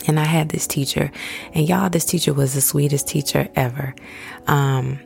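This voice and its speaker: A woman's voice: deep voice, fairly even intonation, normal speed, creaky, darkish tone, faint music behind. A woman, telling a personal story in a casual, conversational way and calling her listeners y'all. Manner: conversational, addresses listeners as y'all, acts out quoted voices.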